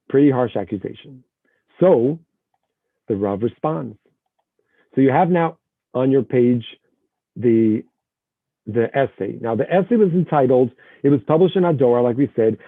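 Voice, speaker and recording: A man's voice: mid-range voice, no echo. A man teaching an online text-study lesson over a video call, reading passages aloud and translating them line by line. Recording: dry, narrow phone-like video call audio.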